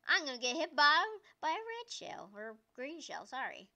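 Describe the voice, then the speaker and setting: A young woman hosts her own gaming videos, talking through each race as she plays it. Her voice sits high and bright with a sharp edge. She is excitable, squealing and cheering at the screen. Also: slow pace. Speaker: gaming channel host. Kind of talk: excited gameplay commentary.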